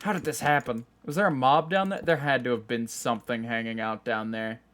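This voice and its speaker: A man's voice: mid-range voice, fairly even intonation, fairly quick, a bit bright. A man streaming a game live, talking casually and joking at himself with frequent laughs, keyboard typing behind him. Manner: chatty, self-mocking, laughs often.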